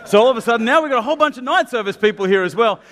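A man's voice: very high voice, lively intonation, rapid-fire, a bit bright. An Australian man hosting an on-stage interview at a church, chatty and jokey, laughing often. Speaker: church host. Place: church hall. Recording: long hall reverb.

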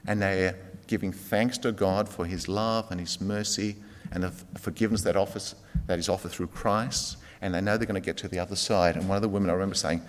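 Pastor preaching in a reverberant hall. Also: male voice, low voice, steady tone, quick pace. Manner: earnest, rising to emphatic then dropping very soft. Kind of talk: sermon. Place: church.

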